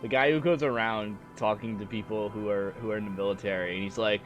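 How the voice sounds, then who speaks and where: A man's voice: fairly low pitch, steady tone, quick pace, muffled recording, music in the background. A man streaming a game, reading its text aloud and laughing constantly between exclamations. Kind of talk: casual let's-play commentary, reading game text aloud.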